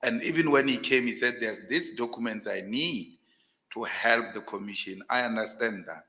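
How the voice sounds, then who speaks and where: A man's voice: mid-range voice, normal speed, sharp tone, big-room sound. A South African man questioning a candidate on a formal panel, emphatic and insistent. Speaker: panel commissioner.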